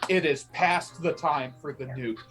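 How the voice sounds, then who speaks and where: A man playing a tabletop role-playing game, lively and playful. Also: on the high side, unhurried, over music, poor audio. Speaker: player. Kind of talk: casual tabletop game play.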